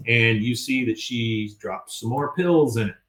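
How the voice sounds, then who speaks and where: A man hosting a podcast, recapping an episode with animated storytelling and acted-out quotes. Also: mid-range voice, unhurried, reverberant. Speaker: podcast host.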